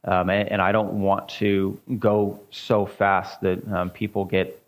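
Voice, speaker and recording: Male pastor, low voice, informal teaching, hesitant and repetitive delivery. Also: flat delivery. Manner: halting, many ums and repeated words. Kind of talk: informal church teaching and discussion.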